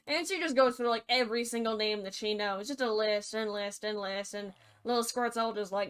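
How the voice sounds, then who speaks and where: A young woman narrates a fairy tale as a rambling, jokey retelling. She keeps it loose and full of slang, her tone bright and crisp, sitting fairly high. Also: fairly quick. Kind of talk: casual storytelling narration.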